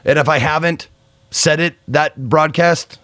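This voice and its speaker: A man's voice: on the high side, steady tone, a little slow, fairly bright tone. A man streaming a game live, rambling and chatty, thanking viewers and swearing freely. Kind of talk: casual live-stream chat.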